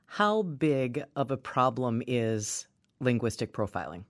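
A radio call-in show host giving clear scripted introductions and asking an interview guest questions. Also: mid-range voice, big pitch swings, takes it slowly.

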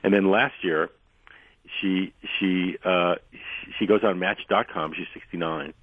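A man with a very low, husky voice tells rambling stories as a radio guest. He is losing his voice and keeps clearing his throat. He comes through a thin, dry phone line. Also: steady tone, a little slow, no room sound. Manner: rambling anecdotal storyteller, frequent restarts. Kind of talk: radio interview, storytelling.

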